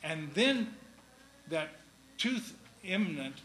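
A man lectures slowly and haltingly, stopping often to restart his sentences. His voice is slightly high and bright. The room around him is echoey, with a faint hum of ambience. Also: animated. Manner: halting, deliberate, many ums and restarts. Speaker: lecturer on Shakespeare's verse. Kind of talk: classroom lecture.

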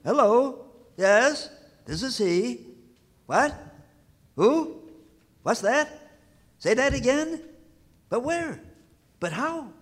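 A frazzled cosmic official in an old rhymed radio play. His voice sits high and leaps all over the place, fussing and fretting at an unhurried pace. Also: slightly rough, full character voice. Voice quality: fussy, fretful, theatrical. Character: flustered cosmic official, fussy middle-aged man. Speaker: vice president in charge of physiochemistry.

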